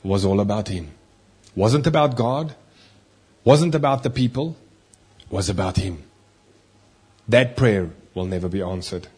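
Preacher, male, husky tone, emphatic delivery with big swings in loudness. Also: on the low side, measured pace, long pauses. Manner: emphatic, rising and dropping loudness for stress. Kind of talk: sermon.

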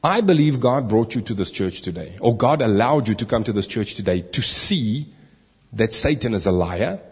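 A man preaching, telling a story animatedly and re-enacting the dialogue, with slow, emphatic stresses. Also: mid-range voice, a little mellow, slightly rough. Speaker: pastor. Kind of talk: sermon storytelling. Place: church. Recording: long reverb of a hall.

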